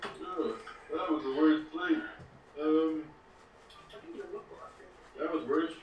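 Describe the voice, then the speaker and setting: Male player, casual and sweary, slightly high, off-mic in an echoey room. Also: very slow. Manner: joking, swears freely. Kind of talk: casual tabletop game chat. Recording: echoey room, from a distance, faint noise.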